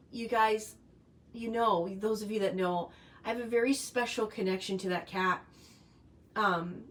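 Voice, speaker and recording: A woman's voice: mid-range voice, normal speed. A middle-aged woman chatting on a live stream, rambling and emotional, with many fillers and restarts. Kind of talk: casual live-stream chat.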